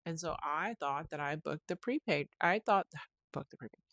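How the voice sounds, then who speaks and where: Gravelly-voiced woman rambling through her week. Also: low-pitched, expressive, moderate pace, fairly bright tone, no room sound. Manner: rambling, restarts sentences, retells phone calls. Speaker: podcast host. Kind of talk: casual solo podcast monologue.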